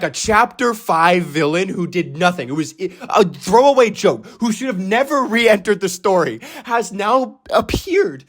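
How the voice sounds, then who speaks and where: A young man talks on his own about a story he adores, so overwhelmed that he stammers, swears and restarts his sentences. His voice keeps leaping far up into cracked squeals and then drops back to an earnest, lower tone. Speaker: anime and manga reaction host. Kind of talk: excited solo reaction talk.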